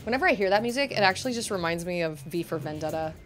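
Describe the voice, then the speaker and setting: A woman's voice: on the low side, animated, very fast, soft background music. A young woman streaming a video game, chatting casually and breaking into frustrated outbursts and groans at the game. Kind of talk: casual live-stream chat while gaming.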